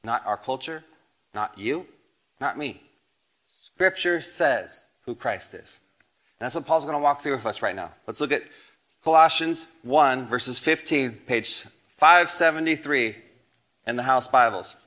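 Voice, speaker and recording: A man's voice: mid-range voice, lively intonation, unhurried, pushed and bright. A man in his thirties, a pastor preaching a sermon, reading scripture aloud and telling family stories with rising emphasis. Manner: storytelling with family anecdotes.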